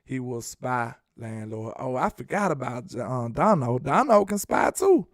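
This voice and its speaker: A man from Alabama, hosting a casual sports live stream, reading viewer messages and joking in a sing-song, animated way. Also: mid-range voice, a little slow, dry recording, studio quality.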